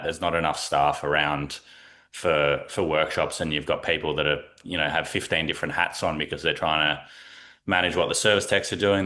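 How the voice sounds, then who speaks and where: A man talks through his points in a casual podcast chat, leaning on fillers as he explains. His voice sits extremely low, yet it has a bright, forceful edge. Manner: relaxed, explanatory, many fillers. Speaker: guest from a software company.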